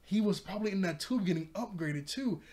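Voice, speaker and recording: An old hero sounding the alarm, urgent and breathless, his voice climbing above normal talk. A man puts him on as he recounts an anime. The delivery is hurried and worked up. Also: sits high, expressive, voice pushed up. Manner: urgent, rising to a shout.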